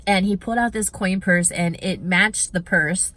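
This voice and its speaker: A woman vlogging from a shopping mall, telling a story in a chatty, animated way with many "like" fillers. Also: mid-range voice, normal speed. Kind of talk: casual storytime chat.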